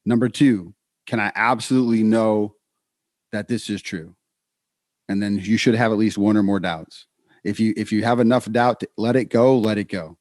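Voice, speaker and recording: Lowish-voiced man telling stories on a podcast. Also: dry recording, studio quality. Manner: storytelling, animated, quick restarts. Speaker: podcast co-host. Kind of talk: casual podcast chat.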